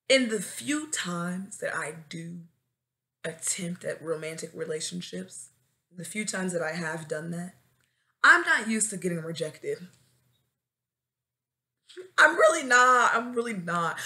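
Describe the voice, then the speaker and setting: Bright-voiced young woman podcaster. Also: lowish voice. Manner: dramatic, swings into wailing and shouting for comic effect. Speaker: podcast host; new teacher. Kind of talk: casual solo podcast chat.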